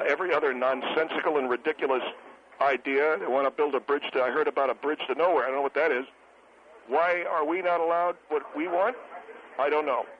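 A man's voice: fairly high pitch, slight background noise, close to an everyday voice. A man voicing a self-pitying, touchy wedding photographer calling in, defensive and stammering. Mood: complaining. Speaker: caller guest. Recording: muffled lo-fi phone line.

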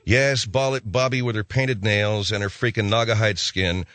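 A man's voice: on the low side, steady tone, normal speed, a bit bright, dry recording. A man hosting a talk radio show, riffing in a rambling comic rant full of hip slang.

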